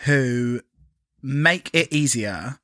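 A man co-hosting a podcast in casual chat, animated and giggly, swearing freely. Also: mid-range voice, extremely slow, dry recording, clean studio sound. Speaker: podcast co-host.

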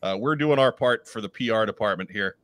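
Male host, lowish voice, dry booth sound, relaxed and wry. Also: brisk, dry recording. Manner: relaxed, steers the show, dry joking. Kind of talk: livestream talk show hosting.

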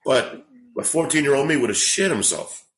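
A man's voice: medium pitch, normal speed, a loud crowd, rough recording. A man in his forties, a comedian, telling rambling, profane stories in a casual podcast chat. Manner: rambling, profane, animated storytelling. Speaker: comedian guest.

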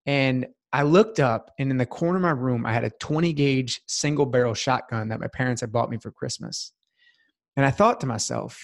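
A man's voice: mid-range voice, normal speed. Earnest man telling his story. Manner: earnest, heartfelt storytelling with many "like" fillers. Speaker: podcast guest. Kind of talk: personal life story in a casual interview.

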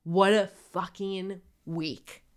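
A woman in her thirties co-hosting a podcast, telling a personal story in candid casual chat and acting out her own shouting. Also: mid-range voice, fairly even intonation, takes it slowly. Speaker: podcast co-host.

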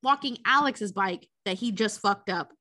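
Bright-voiced woman swearing through a story. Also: mid-range voice, moderate pace. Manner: profane, animated storytelling. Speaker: podcast co-host. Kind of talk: casual chat, retelling a movie plot.

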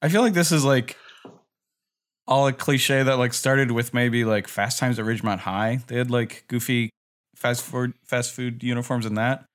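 A mid-pitched man talks easily on a podcast. His delivery is relaxed and conversational. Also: normal speed. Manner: relaxed, casual, many fillers. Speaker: podcast co-host. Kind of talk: casual chat.

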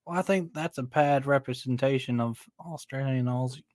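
A man's voice: medium pitch, normal speed, a little mellow, no echo. A man co-hosts a podcast in a loose, playful way, laughing often and slipping into silly bits. His voice sits mid-range and is picked up close and dry. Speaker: podcast co-host. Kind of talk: casual chat.

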